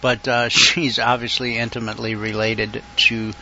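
A man hosting a talk radio show, with a bright, crisp-edged voice and a rambling, chuckling way of talking. The sound is a little dull and lo-fi, and a faint hiss sits behind it. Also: medium pitch, little pitch movement, moderate pace. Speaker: radio host. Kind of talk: casual talk radio chat.

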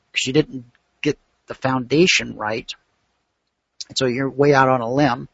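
A middle-aged man mentoring traders in an instructional talk, animated and acting out the people he describes in little scenes. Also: on the high side, vocal fry, breathy edge, dry recording, dull audio. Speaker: trading mentor.

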